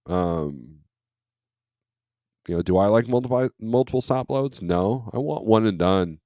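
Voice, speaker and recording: In an expressive, unhurried, warm lowish voice, a man who drives trucks hosts a relaxed morning livestream at home instead of in his truck. He rambles and reads viewer comments aloud, and the recording is dry and clean like a studio.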